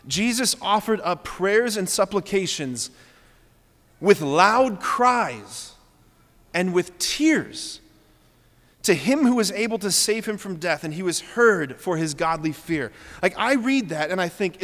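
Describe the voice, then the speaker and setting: A man's voice: high-pitched, a bit bright, in a large hall. A man preaching a homily as a Catholic priest, earnest and emphatic, repeating phrases for stress. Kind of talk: sermon. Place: large church with long reverb.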